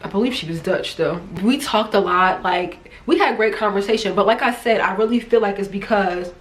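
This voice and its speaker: A woman's voice: medium pitch, a little fast. A middle-aged American woman from New Jersey, chatting casually to camera as a travel vlogger and acting out the voices of people she met. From United States, New Jersey. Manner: chatty, animated, acts out quoted voices.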